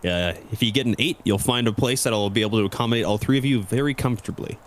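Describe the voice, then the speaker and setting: A man's voice: fairly low pitch, fast talker, a little hiss or hum. A man narrating a tabletop game as game master, rambling with many restarts.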